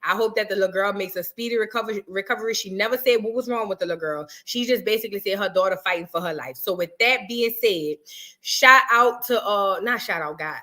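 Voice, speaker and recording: A woman's voice: mid-range voice, quick pace, few pauses, fairly bright tone. A woman hosting a blunt, profane reaction commentary, full of mocking impressions. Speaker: commentary host.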